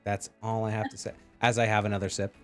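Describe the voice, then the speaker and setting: A man's voice: lowish voice, little pitch movement, fast, soft background music. A man casting a live esports match, chatty and joking as he reads out chat messages. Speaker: esports caster.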